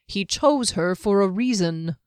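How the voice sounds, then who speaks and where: A man's voice: high voice, lively intonation, clear, resonant tone, no room sound, studio quality. A woman voicing a smug, formal male mage. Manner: precise, measured, faintly teasing.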